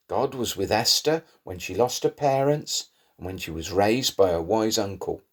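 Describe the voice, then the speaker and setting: A man tells a Bible story to primary-age children, slowly and with lots of expressive rises and falls in his voice. His tone is slightly husky, and he leans into key words to keep young listeners hooked. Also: mid-range voice. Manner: lively, expressive storytelling with rising emphasis.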